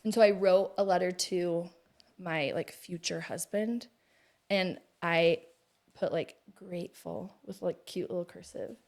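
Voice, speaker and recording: A woman's voice: on the low side, fairly even intonation, measured pace, a little mellow. A woman in her thirties, a guest in a casual conversation, telling personal stories in a chatty way and laughing easily. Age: 30s.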